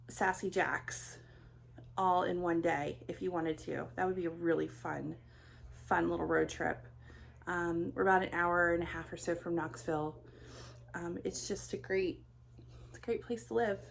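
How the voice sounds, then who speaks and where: Chatty middle-aged woman, gravelly edge. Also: mid-range voice. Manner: chatty, rambling, warm storytelling with many fillers. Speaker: craft vlogger. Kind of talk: casual chat vlog.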